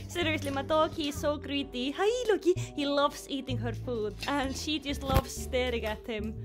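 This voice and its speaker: A young woman with an Icelandic accent, vlogging indoors and chatting excitedly, giggling and baby-talking to her pets. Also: high voice, normal speed, over music. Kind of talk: casual vlog narration. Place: indoors at her mother's house.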